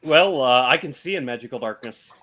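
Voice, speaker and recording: A man's voice: medium pitch, expressive, brisk, fairly bright tone. A man playing a tabletop game, hesitant and full of fillers. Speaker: player.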